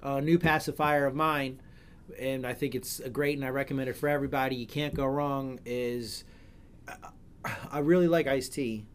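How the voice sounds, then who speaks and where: A man's voice: medium pitch, steady tone, normal speed, clear, resonant tone. A middle-aged man hosting a podcast, chatting casually in a rambling way with frequent self-corrections and jokes. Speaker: podcast host. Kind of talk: casual chat.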